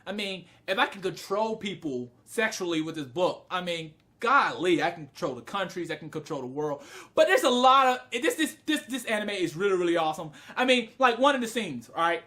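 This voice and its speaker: Animated, excitable man telling stories. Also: a little fast, few pauses. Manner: animated storytelling, bursts into loud high yelling; frequent swearing and laughter. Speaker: anime reviewer. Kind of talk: casual video review.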